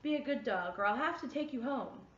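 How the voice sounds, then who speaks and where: A woman's voice: fairly high pitch, lively intonation, brisk, a bit bright. A woman reading a storybook voices a young boy firmly scolding his puppy. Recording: echoey room, far from mic, dull.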